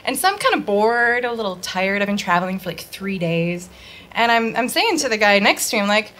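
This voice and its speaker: A woman's voice: a little high, expressive, fairly quick, a bit bright. A woman from the US doing a casual, rambling stand-up set on a handheld mic, laughing at her own jokes. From Detroit, USA. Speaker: stand-up comedian. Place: bar with live audience. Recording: live club audience noise. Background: audience laughter.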